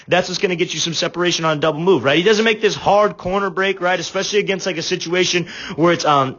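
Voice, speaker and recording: A young man coaching receivers through game film, emphatic and quick, often checking in with "right?". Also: fairly high pitch, fairly bright tone, lo-fi sound. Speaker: football route-running coach.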